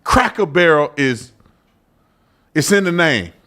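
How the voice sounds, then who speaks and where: A man hosting a live news commentary stream, joking and talking directly to his audience. His pitch swings widely as he riffs, and his voice sits a bit higher than most men's. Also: takes it slowly. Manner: animated, joking, talks straight to viewers. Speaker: host of a live commentary show.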